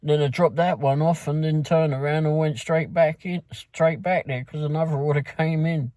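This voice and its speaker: A man's voice: fairly high pitch, steady tone, normal speed, darkish tone, no echo. A man with a London accent, a food delivery driver, casually recapping a night of work in a rambling way, full of fillers and restarts. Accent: London English. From London, England. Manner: rambling, loose storytelling with many fillers and restarts.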